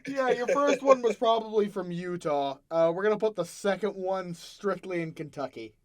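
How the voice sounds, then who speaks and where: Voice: medium pitch, lively intonation, moderate pace. A podcast host from the South, chatting casually, easygoing and laughing often. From American South. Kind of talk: casual chat.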